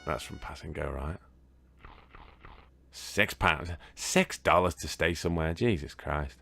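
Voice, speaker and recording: A man's voice: rumbling low, unhurried, vocal fry, bright, forceful tone. A British man casually commentating as he plays a board game video game, rambling and swearing now and then. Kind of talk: casual let's-play commentary.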